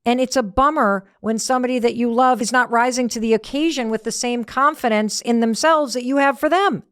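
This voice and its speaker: A middle-aged woman hosting a podcast, telling a story in an animated motivational talk that drops to whispered asides. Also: on the high side, fairly quick, clear, resonant tone, dry recording, clean studio sound. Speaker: podcast host.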